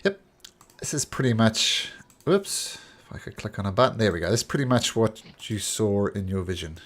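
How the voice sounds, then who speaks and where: A man's voice: on the low side, lively intonation, normal speed. A man narrating as a tabletop game master, rambling with many fillers.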